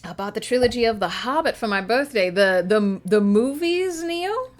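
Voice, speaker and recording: A woman's voice: on the high side, expressive, normal speed, close to an everyday voice. A woman streamer putting on an exaggerated old-movie American Southern accent while chatting casually on a live stream, with a hammy drawl and many fillers. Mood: playful. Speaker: streamer and writer.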